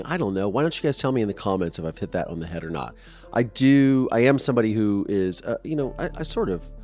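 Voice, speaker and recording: Chatty male podcast host, lowish voice. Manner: rambling, warm and emotional, with many fillers. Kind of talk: casual podcast monologue.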